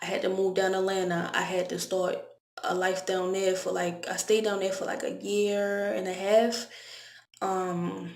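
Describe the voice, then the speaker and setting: A woman's voice: medium pitch, flat delivery, normal speed. A young woman, telling a candid, conversational storytime vlog and often repeating her words. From Baltimore, US. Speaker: vlogger. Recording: echoey room.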